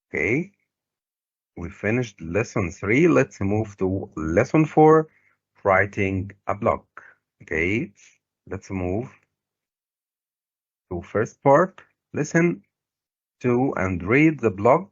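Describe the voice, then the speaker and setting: A middle-aged Egyptian man, a native Arabic speaker, teaching a recorded English lesson. He pulls words apart slowly to stress each syllable and sometimes explains in Arabic. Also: fairly low pitch, sing-song, breathy edge, dry recording. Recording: dull, lo-fi dry recording.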